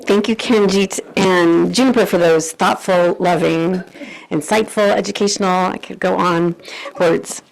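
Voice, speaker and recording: Brief: woman service leader, gravelly fry in her voice, easygoing and jokey. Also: lowish voice, unhurried, rough recording. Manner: relaxed, joking asides. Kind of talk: leading a worship service. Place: church service.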